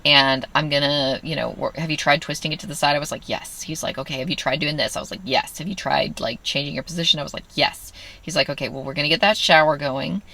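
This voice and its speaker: A woman's voice: low-pitched, fast, creaky, few pauses, bright, forceful tone. A woman telling a candid personal story in a wry way, acting out what others said. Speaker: vlogger.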